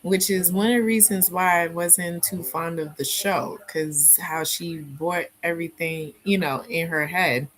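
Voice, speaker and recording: Woman, book club regular; unhurried, rambling delivery full of fillers, low register. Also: steady tone, a bit bright, poor audio. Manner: rambling, hesitant, many fillers. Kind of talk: casual book chat.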